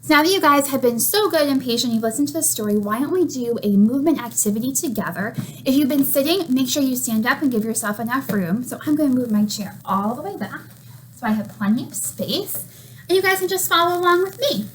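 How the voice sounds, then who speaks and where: During a children's storytime, a young woman librarian reads a picture book aloud, warmly encouraging the kids and asking them questions. Her high-pitched voice is expressive and fast. The recording is rough, with a little hiss or hum.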